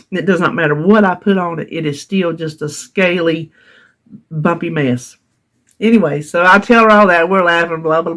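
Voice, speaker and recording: A woman's voice: lowish voice, a bit bright. A middle-aged woman, telling a story to her vlog audience in a chatty way and laughing often. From North Carolina, US. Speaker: vlogger. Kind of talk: casual storytelling.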